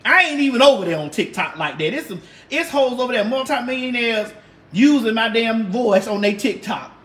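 A high-pitched woman chats casually on a livestream, brash and sassy, with a drawl and a steady stream of cussing. Her voice rings around a roomy, echoey space picked up by a phone or webcam mic. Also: moderate pace. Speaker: livestream host. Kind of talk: casual livestream chat with viewers. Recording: roomy echo.

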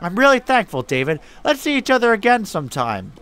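A man voicing a gentle, shy and grateful young woman in a horror video game, with a soft, sweet delivery. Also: high voice, very animated, a little fast, clear, resonant tone, pitched above the performer's own voice.

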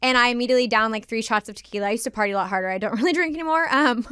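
A woman guest on a casual podcast, telling a story in an animated way and swearing freely, close to the mic. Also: fairly high pitch, very fast, clean tone, no room sound.

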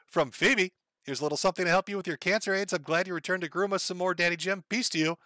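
Sardonic man reading chat, bright voice. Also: sits high, fast talker, no echo. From Minnesota. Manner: sardonic, profane, reads messages aloud in a flat wry tone. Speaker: livestream host reading viewer donations. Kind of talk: casual livestream chat.

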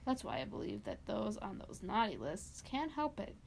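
A woman's voice: medium pitch, huge pitch swings, moderate pace, creaky, slight background noise. A woman co-hosting a podcast, reading a horror story aloud in a dramatic way and laughing between lines. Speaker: podcast co-host.

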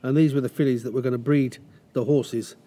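A man's voice: medium pitch, steady tone, fairly quick, warm tone. A middle-aged man, a racehorse trainer, telling rambling anecdotes in a casual interview. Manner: rambling anecdotes with restarts and acted quotes.

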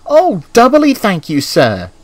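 A man doing a cheeky excited little tank engine. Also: unhurried, no echo. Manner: eager, boastful, high-spirited. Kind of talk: storybook voice acting.

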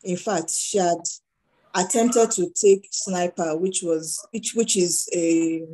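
This guest entrepreneur, a middle-aged Nigerian woman, speaks low and slowly over poor audio during a conversational interview. She's an animated storyteller who acts out each exchange she recounts.

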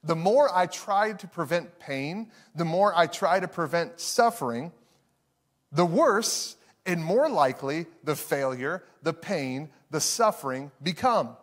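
A man's voice: on the high side, animated, unhurried. A man, preaching a sermon in a conversational, self-deprecating storytelling way to a live congregation. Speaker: pastor.

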